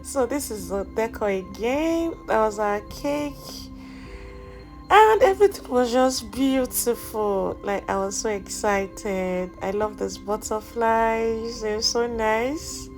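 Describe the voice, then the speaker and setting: Loud, teasing Nigerian woman baker. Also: fairly high pitch, takes it slowly. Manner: loud, teasing, bursts of laughter. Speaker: cake baker and vlogger. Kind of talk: casual vlog chat. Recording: loud music and crowd behind.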